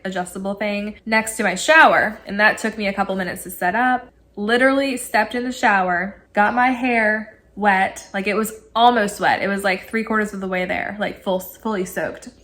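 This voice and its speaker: A woman in her thirties casually telling a story to camera, animated and laughing, acting out her own excited quotes. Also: mid-range voice. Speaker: vlogger.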